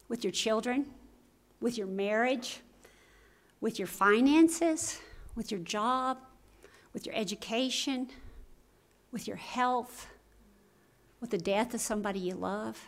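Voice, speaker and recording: A woman's voice: on the high side, a bit bright. A woman pastor preaching a sermon, telling a story dramatically and acting out voices.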